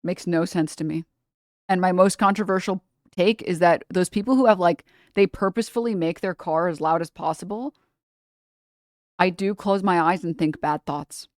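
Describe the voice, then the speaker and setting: Young woman streamer, casual animated rant, close dry mic. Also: on the low side, no echo. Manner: animated ranting, swearing, quick asides. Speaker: livestream host. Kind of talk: casual chat.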